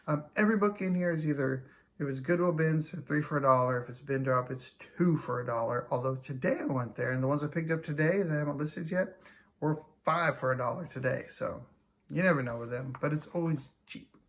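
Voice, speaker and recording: A man's voice: on the high side, brisk, fairly bright tone, a little hiss or hum. A man chatting casually to camera as a small-time reseller, self-mocking and full of fillers. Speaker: reseller and vlogger.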